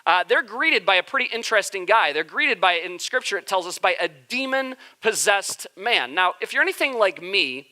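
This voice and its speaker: A man's voice: high voice, expressive, moderate pace, hardly any pauses, pushed and bright. A man preaching a casual sermon as the church's pastor, joking and conversational. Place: church sanctuary.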